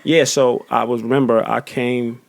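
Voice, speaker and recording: A man in his forties with a New Jersey accent, telling his story as an interview guest in a relaxed way, with many fillers and repeated words. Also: medium pitch, normal speed, vocal fry. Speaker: guest, former football player.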